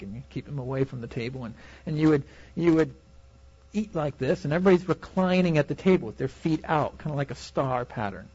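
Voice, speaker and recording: A young man preaching at a youth conference, telling a Bible story in an animated way and acting out reactions with laughter. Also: a little high, dry recording, lo-fi sound. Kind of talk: preaching a sermon.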